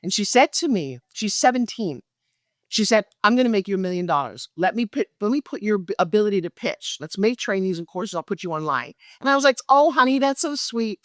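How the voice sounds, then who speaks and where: Brief: middle-aged woman guest, lively storyteller, mid pitch, dry close sound. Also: a little fast, no room sound. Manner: acts out quoted dialogue with lively pitch jumps. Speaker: guest, pitch expert and speaker. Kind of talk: animated storytelling interview.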